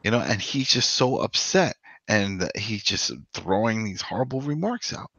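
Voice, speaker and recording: Man, podcast co-host, low-ish voice, rambling casual talk, muffled dry recording. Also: normal speed, a little hiss or hum. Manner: rambling, animated, frequent "you know". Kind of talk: casual discussion. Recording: dull lo-fi dry sound.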